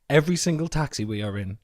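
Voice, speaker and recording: A man's voice: mid-range voice, a little mellow. A man, co-hosting a podcast in casual chat, swearing freely and telling stories with mimicked voices. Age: 40s. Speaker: podcast co-host.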